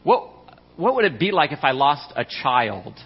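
Husky man preaching in a reverberant hall. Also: fairly high pitch, very animated, normal speed. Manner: conversational, frequent "right?" asides, repeats himself. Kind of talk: sermon. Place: church sanctuary. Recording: lo-fi recording with long hall reverb.

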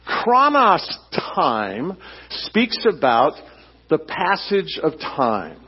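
Male pastor, sermon, husky voice, animated delivery, muffled lo-fi recording. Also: a little high, extremely slow. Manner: emphatic, teacherly, asks questions of the congregation.

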